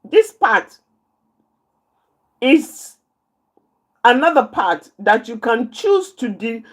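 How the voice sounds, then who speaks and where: Woman speaker, unhurried and deliberate, repeats each point for emphasis while teaching a live group. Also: fairly high pitch, big pitch swings. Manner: repeats key phrases, slow and emphatic, points out positions with her hands. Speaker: outreach speaker teaching anger management.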